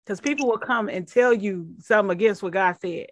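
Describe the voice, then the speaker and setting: A woman teaching a class, lively and interactive, calling out to her listeners and voicing people's doubts. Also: medium pitch, fairly quick, no room sound, studio quality. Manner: lively, call-and-response, quotes people's inner voices. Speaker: Bible study teacher.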